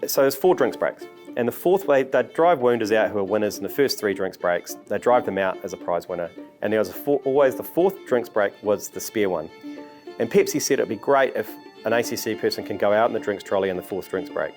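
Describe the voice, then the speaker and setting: A man's voice: fairly low pitch, brisk, soft background music. A man, telling a story in an interview and acting out the voices he quotes. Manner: animated, acts out quoted voices. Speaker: commentator recalling events.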